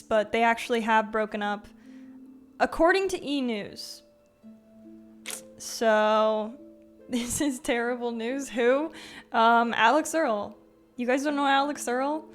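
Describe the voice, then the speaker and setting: A young woman streaming live, chatting loosely with her chat, stringing thoughts together with "like" and "um" and breaking into giggles. Her voice sits a bit high for a woman. Soft music plays underneath her. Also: steady tone, unhurried. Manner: chatty, filler-heavy, giggly, greets chat by name.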